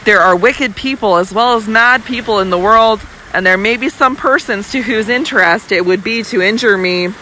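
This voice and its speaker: A woman's voice: on the high side, moderate pace, hardly any pauses, a little hiss or hum, rough recording. A woman doing a sweet, fragile Lady Audley. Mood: coaxing. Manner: soft, injured, coaxing pleas. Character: young wife, sweet, fragile, secretly scheming.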